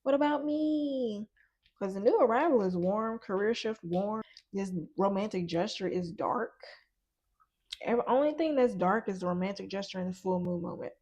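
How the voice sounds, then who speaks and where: A woman's voice: medium pitch, expressive, normal speed, a little mellow. A woman giving a casual tarot reading while chewing gum, chatty and musing aloud, often laughing and trailing off. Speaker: tarot reader.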